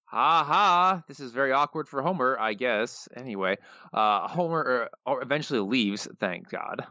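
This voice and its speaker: A man's voice: mid-range voice, animated, normal speed, pushed and bright, dry recording, muffled recording. A man co-hosting a podcast, recapping an episode with sarcastic, wry asides. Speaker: podcast co-host. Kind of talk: casual podcast recap chat.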